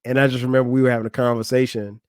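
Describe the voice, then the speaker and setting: A man's voice: medium pitch, level tone, rapid-fire, clean tone, no room sound, studio quality. A man in his forties hosting a podcast, talking casually and frankly about marriage, laughing often and speaking straight to a friend. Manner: conversational, laughing often, addressing a friend directly. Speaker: podcast host. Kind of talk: casual advice monologue.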